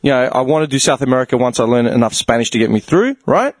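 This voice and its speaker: A man's voice: mid-range voice, animated, fast talker, dry recording. A man hosting a podcast in casual, blunt, sweary chat.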